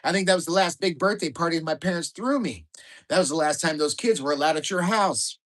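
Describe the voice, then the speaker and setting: A man's voice: on the high side, brisk, fairly bright tone, voice pushed up, close to an everyday voice. A man doing a laid-back buddy in a memoir reading. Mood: reminiscing. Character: boyhood friend, casual young man, laid-back.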